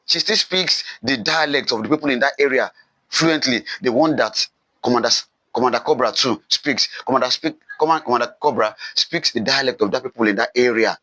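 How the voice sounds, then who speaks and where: Man, literature teacher, bright tone, dry close sound, emphatic and repetitive. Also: medium pitch, no room sound, poor audio. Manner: repetitive, emphatic, asks questions and answers them himself. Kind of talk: recorded literature lesson.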